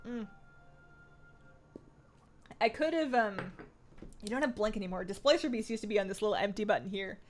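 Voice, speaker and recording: A woman's voice: mid-range voice, lively intonation, moderate pace, long pauses, soft background music. A woman hosting a casual gaming livestream, thinking aloud, answering viewer chat and laughing often. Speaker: livestream host playing an online game.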